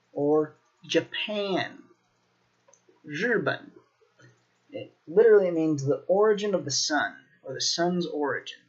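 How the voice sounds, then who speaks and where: An American man teaching a language lesson on video, in a relaxed manner, repeating words slowly for learners. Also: a little high, lo-fi sound. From United States.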